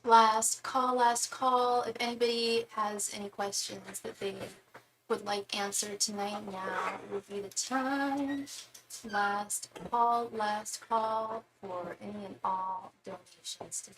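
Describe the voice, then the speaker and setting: A woman's voice: medium pitch, steady tone, slow pace, a bit bright, slight background noise. A woman running a live tarot reading stream in casual chat, calling her viewers love and darling.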